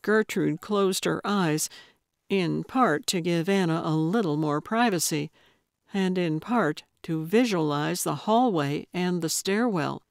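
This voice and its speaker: A woman reading a cozy mystery audiobook in calm, measured scripted narration. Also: fairly low pitch, no echo, clean studio sound.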